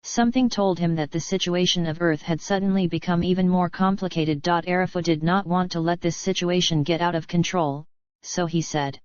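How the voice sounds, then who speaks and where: A woman reading a fan story aloud in a steady, even narration, close to the mic. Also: on the low side, moderate pace, clear, resonant tone, no room sound, muffled recording.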